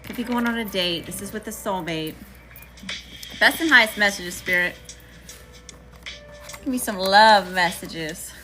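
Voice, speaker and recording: A woman's voice: mid-range voice, a little slow, pauses often, music in the background. A woman with a Southern accent doing a casual tarot reading, chatty and slangy, talking back to Spirit. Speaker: tarot reader.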